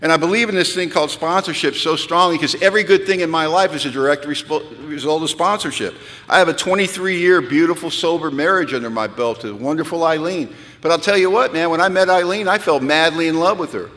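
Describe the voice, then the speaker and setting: Man, 50s, retreat speaker. Animated, self-deprecating storyteller with a bright, tense voice. Recorded in a reverberant hall. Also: fairly high pitch, quick pace. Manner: peppers speech with "man". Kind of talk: storytelling talk. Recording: echoey hall with long reverb.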